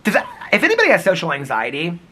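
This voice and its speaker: A man's voice: high-pitched, wildly swooping pitch, rapid-fire, fairly bright tone, breathy edge. A man vlogging in casual, rambling storytelling, chatty and openly personal.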